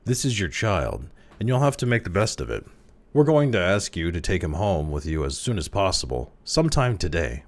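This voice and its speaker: A man's voice: low voice, big pitch swings, normal speed. A man reading aloud voices a severe hospital nurse who speaks sternly and curtly. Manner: stern, curt.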